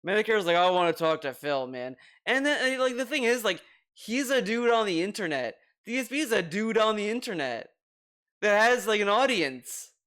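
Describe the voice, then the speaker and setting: Animated ranting man. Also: high voice, moderate pace, clear, resonant tone. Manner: animated, mocking, swears, mimics others. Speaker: commentary streamer. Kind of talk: ranting commentary.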